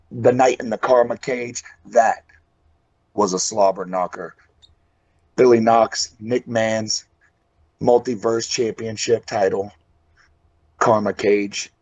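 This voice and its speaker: Slightly rough and on the low side, with a darkish tone, this voice belongs to a pro wrestler from West Virginia. He stays in character for a folksy, intense promo, calling everyone "brother," recorded in dull lo-fi sound.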